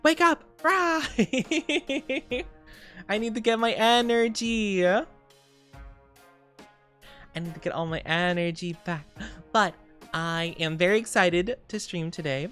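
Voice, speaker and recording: Woman, streamer, tired, giggly, rambling casual chat, smooth clear voice. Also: lowish voice, a little slow, pauses often, fairly bright tone, faint music behind.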